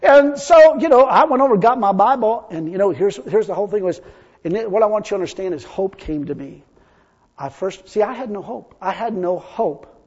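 A man preaching a sermon, telling stories in a chatty way and rising now and then into loud exclamations. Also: sits high, fairly quick, slightly rough. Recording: dull lo-fi audio with long hall reverb.

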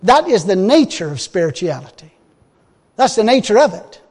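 A man preaching a folksy, emphatic sermon, swinging between loud exhortation and quiet asides, often laughing. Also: high voice, wildly swooping pitch, moderate pace, creaky, long pauses, breathy edge. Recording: long reverb of a hall.

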